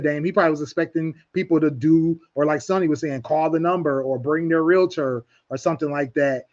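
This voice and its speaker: A man's voice: fairly high pitch, dull audio. A man hosting a talk radio show in casual chat, rambling with many restarts.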